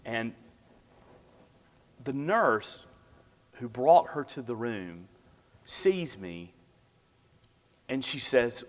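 A man preaching a sermon, telling a personal story and dropping to a hush for the quiet moments. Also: medium pitch, very animated, extremely slow, long pauses. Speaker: pastor. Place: church sanctuary. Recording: long hall reverb.

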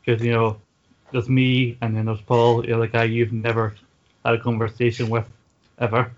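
A man's voice: mid-range voice, completely flat delivery, normal speed. A man taking part in a casual podcast, dry and sarcastic. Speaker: podcast guest. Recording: dull lo-fi audio.

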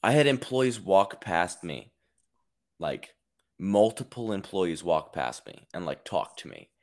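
A man's voice: low-pitched, big pitch swings, measured pace, a little mellow. A man hosting a casual podcast chat, telling rambling, laid-back stories full of filler words. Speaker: podcast host.

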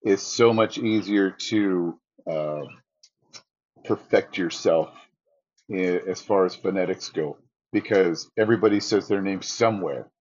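A middle-aged man chats about announcing fights in a fairly low voice. He tells stories with lots of energy and jumps up high when he quotes himself. The sound is dull and lo-fi. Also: measured pace. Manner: animated storyteller, acts out his own quotes in a raised voice. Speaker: ring announcer, guest. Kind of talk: casual interview storytelling.

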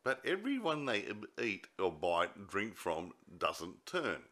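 A man's voice: deep voice, wildly swooping pitch, slow, bright, forceful tone. A man co-hosting a casual film podcast, chiming in with quips and asides. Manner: joking, interjecting with quips. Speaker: podcast co-host. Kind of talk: casual chat.

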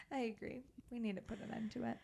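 A woman's voice: fairly high pitch, fairly even intonation, fairly quick, vocal fry, warm tone, breathy edge. A young woman co-hosting a podcast in casual chat, upbeat and teasing, with casual swearing. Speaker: podcast co-host.

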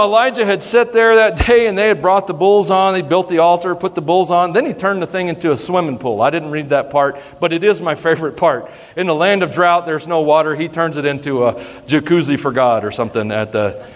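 A male pastor with a high voice gives an animated, joking sermon and teases his congregation. His voice carries through a church hall with a long, lingering reverb. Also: a little fast. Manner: animated, humorous, teasing the audience.

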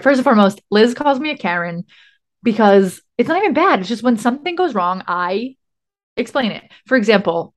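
A woman co-hosting a podcast, chatting casually and laughing often as she rambles through explanations. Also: mid-range voice. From Rhode Island. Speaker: podcast co-host. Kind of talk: casual chat.

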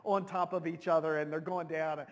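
A man's voice: fairly high pitch, fairly even intonation, brisk. A middle-aged man, a pastor, telling a personal story in a sermon, emotional and conversational with many restarts. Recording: long hall reverb.

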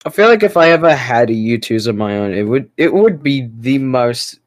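Young guy, easygoing, laughs a lot, very lively pitch, dry close sound, podcast co-host. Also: normal speed, no echo. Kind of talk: casual chat.

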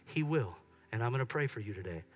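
A middle-aged man preaching a sermon in church, swinging from excited loud peaks to soft hushed moments. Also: medium pitch, quick pace. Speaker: pastor. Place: church sanctuary.

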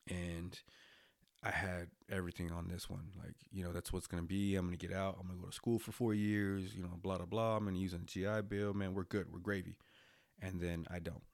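A man's voice: low voice, flat delivery, fairly quick, creaky, dry recording, studio quality. A man in his thirties, a military veteran, telling his own story bluntly, swearing often and restarting his sentences. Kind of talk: candid personal storytelling.

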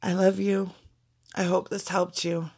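Woman motivational speaker, gravelly, emphatic and repetitive, blunt profanity. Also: fairly low pitch, flat delivery, unhurried, a little mellow. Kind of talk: casual spiritual pep talk.

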